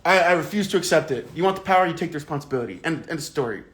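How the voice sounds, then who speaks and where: Talking through a book on his livestream book club, a man reads viewer comments aloud with casual, animated indignation, slang, and swearing. His pitch is fairly high and his delivery rapid-fire.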